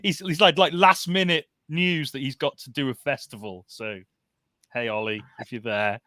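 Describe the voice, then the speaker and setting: A man's voice: medium pitch, moderate pace, bright, forceful tone, no echo, studio quality. A man hosting a live comics podcast over a video call, chatty and laughing often. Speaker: podcast host. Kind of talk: casual live show chat.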